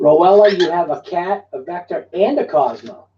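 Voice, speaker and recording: A man rambling through a casual live stream, jokey and quick to laugh. His voice sits at a middling pitch and sounds distant and dull. The room is echoey, with faint noise behind him. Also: animated. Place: room at home.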